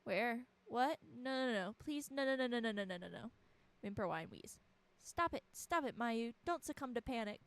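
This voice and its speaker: A woman's voice: a little high, lively intonation, normal speed, hardly any pauses. A woman voicing a frightened teenage schoolgirl, reading her panicky, pleading lines in a game. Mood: scared.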